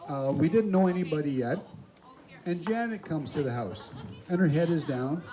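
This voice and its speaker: A man's voice: a little high, animated, normal speed, mellow. An older man giving a farewell speech at a campground, telling folksy, self-deprecating stories to the gathered campers, recorded outdoors on a phone on a tripod. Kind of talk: storytelling speech to a crowd. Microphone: phone camera on a tripod at a distance. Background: crowd of campers.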